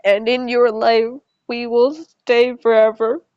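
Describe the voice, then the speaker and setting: A woman voicing a gentle, serene dying male clan leader in a calm, measured read. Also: on the high side, dry recording. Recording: slightly dull lo-fi recording.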